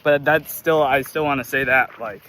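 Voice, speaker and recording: A man's voice: mid-range voice, moderate pace, pushed and bright. A young man in casual reflective chat, earnest and full of "like", filmed outdoors. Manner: earnest, filler-heavy with frequent "like". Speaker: vlogger. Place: outdoors near traffic. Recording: outdoor street noise.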